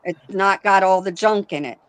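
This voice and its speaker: A woman's voice: mid-range voice, moderate pace, smooth. A woman chatting as a guest on a livestream, enthusiastic and talkative. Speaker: guest caller. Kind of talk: casual group chat.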